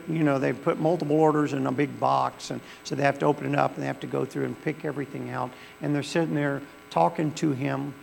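In a church, a male pastor with a mid-range voice and vocal fry preaches a sermon, moving from folksy storytelling into fervent preaching. The recording carries a long hall reverb and a faint mains hum.

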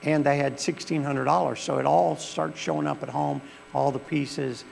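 Gravelly preacher man. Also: on the high side, steady tone, moderate pace, a little mellow. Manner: folksy storytelling, swelling to fervent preaching. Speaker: pastor. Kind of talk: sermon. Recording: long hall reverb with faint mains hum.

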